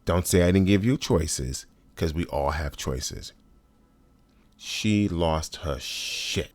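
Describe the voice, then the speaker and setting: A man's voice: deep voice, takes it slowly, a little mellow. A man in his sixties telling a personal story in a conversational, emphatic, wry and blunt way. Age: 60s. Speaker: storyteller host.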